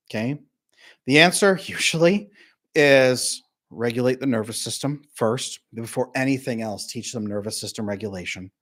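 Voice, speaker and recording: A man coaching on a livestream in a casual, chatty way, talking straight to viewers and acting out little scenes. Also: mid-range voice. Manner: animated, acts out little scenes in voices. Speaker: attachment coach.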